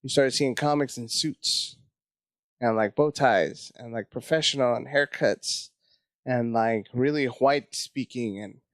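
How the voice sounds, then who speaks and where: A man telling a casual, profane story as a comedy guest, acting out his own panic in high voices. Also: a little slow, no room sound, studio quality.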